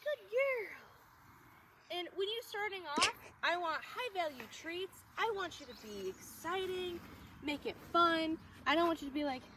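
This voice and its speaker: High-voiced woman dog trainer outdoors. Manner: explains calmly, then high excited calls to the dog. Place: outdoors on a walk. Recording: distant mic with outdoor noise.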